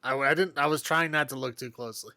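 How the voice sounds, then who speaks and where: A man's voice: on the high side, quick pace, pushed and bright, dry recording. A man co-hosting a podcast, giving his take on a film in casual chat, hedging with ums and restarts. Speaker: podcast co-host. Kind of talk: casual movie review chat.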